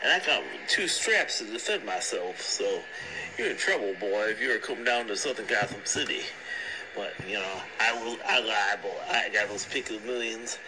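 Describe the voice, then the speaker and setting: A man voicing a cocky male gangster in a prank phone message, taunting in a high, strained voice. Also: lively intonation, moderate pace, background noise, close to an everyday voice. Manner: high strained taunting, calls everyone boy. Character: cocky male gangster, pickle-gun braggart.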